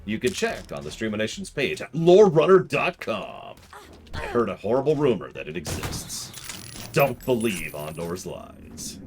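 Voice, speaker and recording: A man giving joking, chatty commentary while streaming a game and reading out viewer messages, with loud game music behind. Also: lowish voice, big pitch swings, measured pace. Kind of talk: live gameplay commentary.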